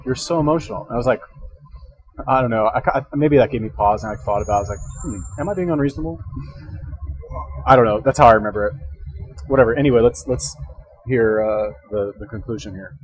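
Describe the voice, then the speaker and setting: A man's voice: lowish voice, fairly even intonation, quick pace, breathy edge, rough recording. A man hosting a reaction video, thinking aloud in casual commentary, rambling and correcting himself as he goes, speaking into a headset.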